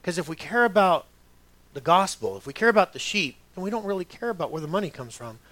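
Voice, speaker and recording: A man's voice: high-pitched, very animated, fast talker, a bit bright, dry recording. A middle-aged man preaching a sermon as a pastor, conversational, with rhetorical questions to the congregation.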